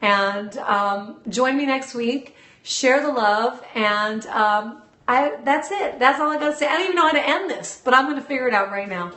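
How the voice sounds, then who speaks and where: A fairly high-voiced woman hosts a casual live stream from her phone, bubbly and eager as she chats straight to her viewers. The room around her gives the voice a roomy echo. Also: lively intonation, normal speed, bright, forceful tone. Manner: bubbly, enthusiastic, chatty with viewers. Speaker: live-stream host and video coach.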